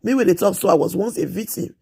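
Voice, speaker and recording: A woman's voice: medium pitch, fast talker, gravelly, mellow, slightly rough. A Nigerian woman in her thirties on a casual live stream, giving earnest advice and repeating herself as she pleads with her viewers.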